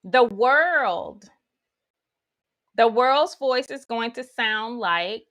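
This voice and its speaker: Slow-spoken woman teaching on faith. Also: fairly high pitch, expressive, fairly bright tone. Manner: guides listeners through imagery, with folksy asides. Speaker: spiritual teacher. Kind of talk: spiritual teaching talk.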